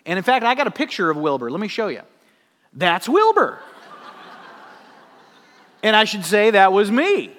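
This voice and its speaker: A male pastor preaching a sermon in an animated storytelling manner, with laughing asides. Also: sits high, big-room sound.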